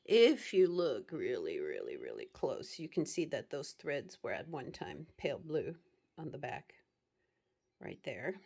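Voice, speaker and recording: A middle-aged woman talks slowly and unhurriedly, her voice sitting a little low. She rambles gently through a casual show-and-tell, dotting it with soft laughs and fillers. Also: wildly swooping pitch, vocal fry, breathy edge. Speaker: cross-stitch shop owner and vlog host.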